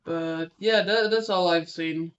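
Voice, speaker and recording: Lisping co-host, unhurried and hesitant, in casual film chat. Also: mid-range voice, highs cut off. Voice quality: lisp. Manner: hesitant, lots of ums. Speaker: podcast co-host.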